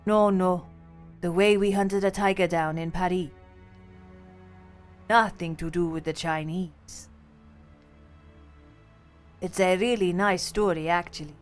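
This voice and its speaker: A woman voicing a weary middle-aged male detective who shivers and talks in a slow, dragging, hushed way. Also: fairly low pitch, fairly even intonation, faint music behind.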